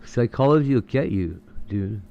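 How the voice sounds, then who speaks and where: A man chatting on a livestream, offering calm, dry commentary and wry asides. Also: medium pitch, moderate pace, creaky. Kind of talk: casual livestream chat. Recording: dull, lo-fi mic with faint noise.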